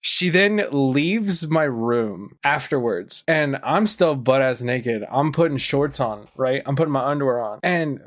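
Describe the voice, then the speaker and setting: A man's voice: mid-range voice, animated, measured pace, hardly any pauses. A man casually telling a long, profane story on a podcast, rambling and acting out what others said. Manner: profane, rambling, acts out quoted voices. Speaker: podcast guest.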